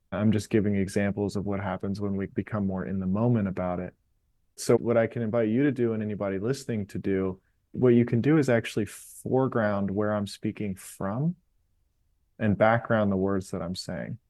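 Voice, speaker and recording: Low, mellow-voiced man speaking calmly. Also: no room sound. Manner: calm, explanatory, unhurried. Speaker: podcast guest. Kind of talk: reflective interview talk on meditation.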